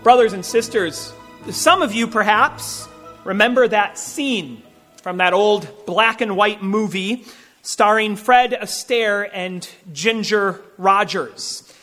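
A male pastor delivering a sermon in a measured, deliberate way, pausing often. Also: high-pitched, sharp tone, faint music behind. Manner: measured, deliberate preaching with pauses. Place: church.

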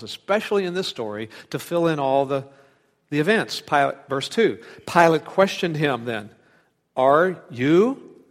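A man preaching an expository sermon, animated, swinging between loud emphasis and hushed asides. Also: mid-range voice. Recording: long hall reverb.

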